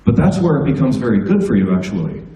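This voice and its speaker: A man's voice: mid-range voice, big pitch swings, fast talker, dark tone, reverberant, recorded from a distance, highs cut off. An American man, a stand-up comedian, giving a casual, joking talk to students at a school assembly. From United States. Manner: joking, anecdotal, conversational. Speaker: guest speaker, stand-up comedian. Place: school hall.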